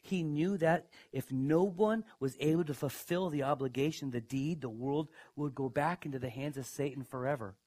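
A man preaching a sermon, emphatic, who asks his listeners questions and swings from hushed to loud. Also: moderate pace, few pauses. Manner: emphatic, dramatic swings in pitch and loudness. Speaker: pastor.

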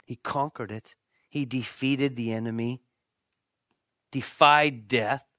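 A male pastor preaching a sermon with jokey asides to the congregation, swinging from loud bursts to hushed, near-whispered lines. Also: mid-range voice, fairly even intonation, slow, pauses often, no echo, clean studio sound.

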